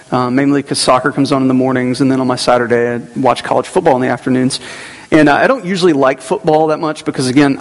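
A man preaching a conversational sermon as pastor, with personal asides. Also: on the high side. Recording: long hall reverb.

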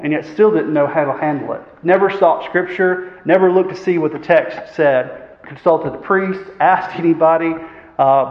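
A man preaching a sermon. He poses rhetorical questions and often clears his throat. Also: a little high. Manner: earnest, asks the congregation rhetorical questions; frequent fillers and throat clearing. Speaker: pastor. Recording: echoey hall, dull sound.

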